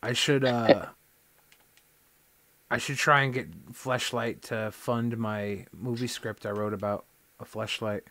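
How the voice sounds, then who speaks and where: A man co-hosting a live stream, teasing and reacting quickly in casual banter. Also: medium pitch, a bit bright.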